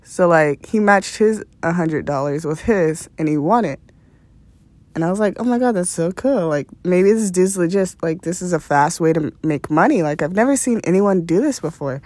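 A woman's voice: lowish voice, expressive, normal speed, darkish tone, dry recording. A young woman hosting a podcast, telling a rambling story in a casual, profane way and laughing often. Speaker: podcast host.

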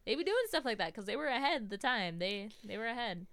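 A young American woman hosts a podcast, telling stories in casual chat full of "like" and "you know," and she acts out quotes in a raised voice. Her voice is on the high side, animated, fast and fairly bright, with no echo.

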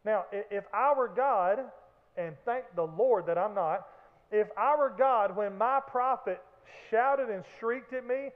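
A man preaching a sermon as pastor, animated, with acted-out shouts and joking asides. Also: sits high. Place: church sanctuary. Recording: echoey hall, phone-like band.

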